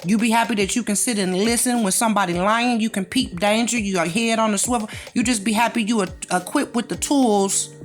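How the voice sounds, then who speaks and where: A woman host preaches and scolds in a casual commentary monologue, drawling in with dismissive asides. Her voice sits at a middle pitch. Faint music plays behind her. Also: a little fast.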